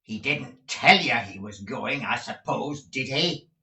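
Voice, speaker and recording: Man as a bullying schoolmaster, loud and sneering, bright sharp tone, echoey room. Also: on the high side, animated, slow pace, far from the mic, pitched above the performer's own voice, heavily acted. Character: blustering cruel male schoolmaster, middle-aged.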